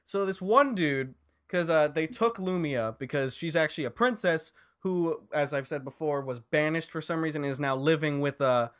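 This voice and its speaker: A young man co-hosting a casual anime podcast, recapping the plot in a relaxed way with lots of fillers. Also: on the high side, normal speed. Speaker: podcast co-host. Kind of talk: casual anime review chat.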